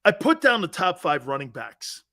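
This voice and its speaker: A middle-aged man hosting a sports talk show, telling self-mocking stories in a lively, animated way. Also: sits high, moderate pace.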